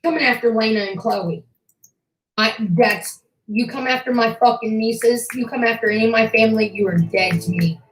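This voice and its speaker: A woman's voice: on the high side, normal speed, reverberant, a little hiss or hum, poor audio. A woman ranting furiously to her channel, swearing and making threats, near tears with anger. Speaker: YouTuber. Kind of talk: angry rant to camera.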